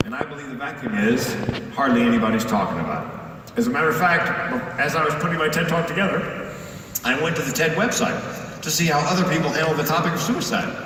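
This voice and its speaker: Guy giving a keynote, slightly high voice, super echoey big hall, mic kinda far off. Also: pushed and bright. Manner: conversational, punchy delivery with comic timing. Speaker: public speaker and comedian. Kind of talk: motivational keynote speech with storytelling. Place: large conference hall. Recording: echoey hall, distant mic, faint room noise.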